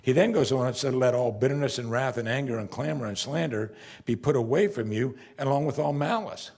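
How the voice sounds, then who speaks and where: A man's voice: medium pitch, a little fast. A man preaching a sermon in a church, asking his listeners direct questions. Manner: animated, questions the congregation directly.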